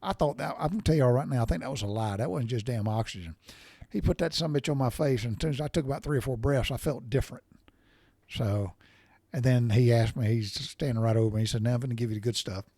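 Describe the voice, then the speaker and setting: Still sore after recent surgery, a middle-aged man on a podcast talks fast through a profane, rambling story, folksy and full of restarts. His voice is medium-pitched and dark, with no room sound.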